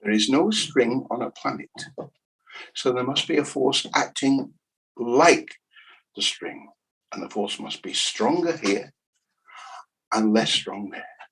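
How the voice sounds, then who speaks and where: A man voicing an old German astronomer in a put-on German accent, with mock-German word endings and slow, emphatic explaining. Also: medium pitch, animated, a bit bright, slight background noise, poor audio. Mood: earnest explaining.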